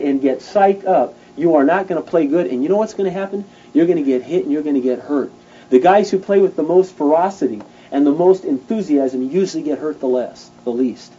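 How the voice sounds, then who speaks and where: A man's voice: on the high side, warm tone, slightly rough, dull audio. A man preaching an informal sermon in a fervent, conversational way, acting out stories.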